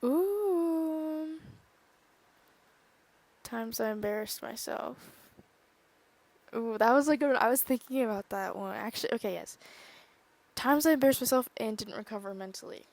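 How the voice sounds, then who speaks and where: Chatty young woman rambling, slightly high. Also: fairly quick, creaky. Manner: rambling, gushing, filler-heavy with drifts into whispers. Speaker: podcast vlogger. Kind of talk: casual chat.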